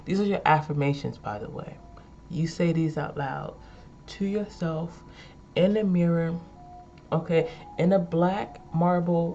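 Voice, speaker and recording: Woman vlogger, slow and gravelly, playful and giggly, dull lo-fi recording. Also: lowish voice, mellow, slight background noise. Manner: playful, giggly, repeats lines with emphasis. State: high energy. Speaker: vlogger reading affirmation cards. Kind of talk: casual spoken affirmations.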